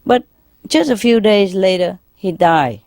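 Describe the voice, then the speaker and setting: Woman, spiritual teacher, relaxed joke-teller; unhurried delivery, close and dry sound. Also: dry recording. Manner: slow, unhurried joke-telling that shifts into higher quoted voices. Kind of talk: telling jokes to an audience. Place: lecture hall gathering.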